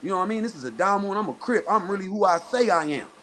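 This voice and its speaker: A man from Southern California, a guest telling a story in a casual, profane, animated way and acting out other people's voices. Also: high voice, racing, a little hiss or hum. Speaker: interview guest.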